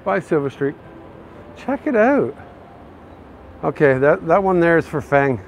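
A Canadian man narrating a casual walking tour of city streets, chatty and excitable. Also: a little high, unhurried. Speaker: vlogger. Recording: faint outdoor street noise. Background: faint traffic and street noise.

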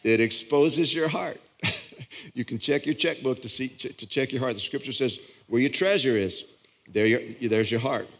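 Man, pastor, conversational sermon, stage mic in a church, mid pitch, stumbling restarts. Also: moderate pace. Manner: conversational preaching with frequent restarts. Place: church auditorium.

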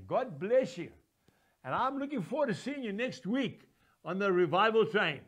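An older man preaching a sermon, forceful and emphatic, swinging from booming declarations to hushed prayer. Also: very animated, moderate pace. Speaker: evangelist preacher.

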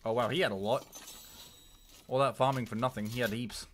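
A young man commentating his own live gameplay, jumping between loud yelps and low muttering. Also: fairly even intonation, brisk. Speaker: livestreamer. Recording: noisy home stream mic with key clicks.

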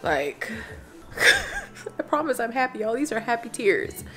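A woman's voice: fairly high pitch, sing-song, a little fast, soft background music, rough recording. A woman in her thirties vlogging casually, gushing and emotional as she talks straight to her viewers. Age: 30s. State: teary. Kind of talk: casual travel vlog chat. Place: hotel room and terrace.

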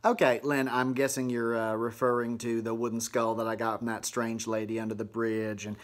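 A man's voice: medium pitch, moderate pace, close to an everyday voice. A man playing a sugary mom vlogger. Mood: chatty. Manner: chirpy, sweet, folksy, with casual deadpan dark asides. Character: sugary Southern mom vlogger woman, middle-aged, eerie. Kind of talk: comedic vlog monologue to camera.

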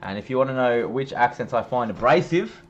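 A man's voice: medium pitch, animated, brisk, highs cut off. Chatty man streaming a game. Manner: chatty, joking, swears casually. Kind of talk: casual gameplay commentary.

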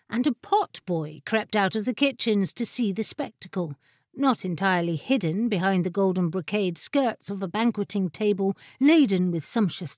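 A woman with a mid-range voice gives a measured, expressive storytelling reading of a fantasy audiobook script. The recording is dry and of studio quality.

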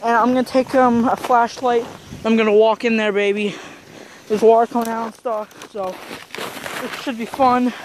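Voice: medium pitch, level tone, moderate pace, slight background noise. A vlogger nervously narrating a casual exploration inside a wet, icy tunnel, hesitant and full of fillers. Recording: loud music over the voice.

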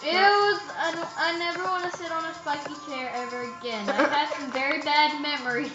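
A woman's voice: high-pitched, moderate pace. A teenage girl chatting casually with a friend, giggly and teasing, often talking over her. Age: teens. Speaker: co-host. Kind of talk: casual chat. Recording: dull lo-fi mic in an echoey room with music behind.

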